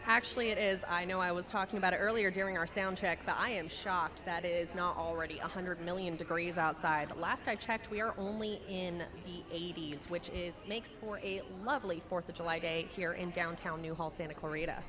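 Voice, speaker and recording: A woman's voice: lowish voice, steady tone, brisk, hardly any pauses, a crowd in the background. A young woman announcing a street parade outdoors on a radio feed, bubbly and playful as she shares facts. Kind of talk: live event commentary.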